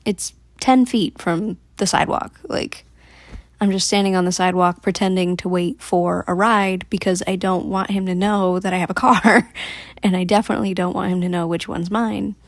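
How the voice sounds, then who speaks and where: A woman vlogger tells a long story straight to camera, chatty and animated, breaking into laughs along the way. Her voice has a gravelly fry to it and sits at an ordinary pitch. The sound is dry and close. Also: moderate pace, no room sound.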